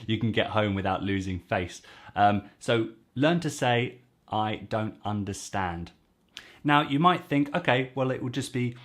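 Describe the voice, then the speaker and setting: A man with a fairly low voice explains useful phrases to learners. He talks in a chatty way and says each example slowly, twice over, so they can practise. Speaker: French teacher.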